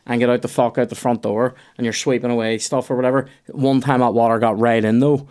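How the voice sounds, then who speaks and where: A young man, hosting a comedy podcast and telling a story in a profane, animated way. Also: mid-range voice, fast talker, clean tone. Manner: profane, animated, puts on voices in quoted dialogue.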